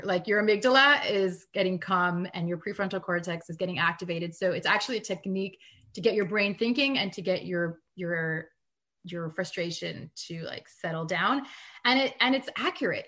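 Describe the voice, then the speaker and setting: A woman in a casual live-streamed chat, giving practical parenting advice with quick laughs. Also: fairly low pitch, bright, forceful tone. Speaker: guest parenting coach.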